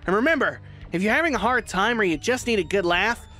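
A cheerful young anime martial arts hero, put on by a man with a high, bright, sharp tone. His voice leaps up and down as he gets excitable and hollers in frustration over a video game. The delivery stays upbeat and boyish throughout. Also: fast talker, faint music behind. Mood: friendly. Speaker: gaming channel host. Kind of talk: in-character gameplay commentary.

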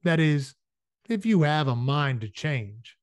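A cold hired gunslinger, voiced by a man reading aloud, needles his target with soft, drawn-out taunts. His pitch sits a little above the reader's own. The recording is dry and close. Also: lively intonation, clear, resonant tone, dry recording. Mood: menacing. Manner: taunting, soft-spoken menace. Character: menacing male hired gunslinger.

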